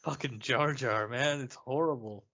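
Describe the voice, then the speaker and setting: A man's voice: medium pitch, a little slow, bright, forceful tone, dull audio. A man co-hosting a podcast, joking, laughing and swearing while watching a film. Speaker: podcast co-host. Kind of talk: casual film commentary chat.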